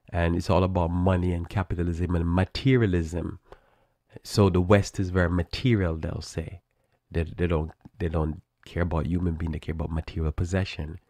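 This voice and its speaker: A man hosting a live church talk program, reading from an article and commenting in a halting way with many fillers and restarts. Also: deep voice, darkish tone, no echo. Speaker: church talk show host.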